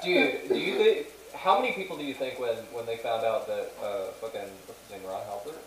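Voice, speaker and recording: A man's voice: mid-range voice, a little fast, recorded from a distance, a little hiss or hum. A man co-hosting a live comedy show, riffing crude jokes in a playful way. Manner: joking, riffing, playful mock voices. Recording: echoey room, off-mic.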